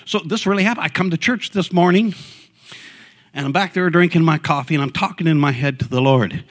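A man sharing a fervent church testimony, his voice quiet and low at first, then rising to excited outbursts. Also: a little fast.

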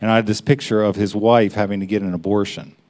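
A man gives a sermon in a relaxed, talk-to-you style, with asides and short laughs that keep it informal. His voice sits somewhat low for a man. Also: quick pace. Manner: conversational preaching, frequent laughs and asides. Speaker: pastor.

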